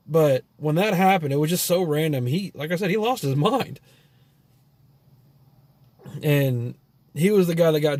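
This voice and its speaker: Recorded dry, a Texan man with a mid-range, somewhat dark voice spins a rambling monologue. His stories are loose and profane, full of filler words and half-finished thoughts, all in a Texas accent.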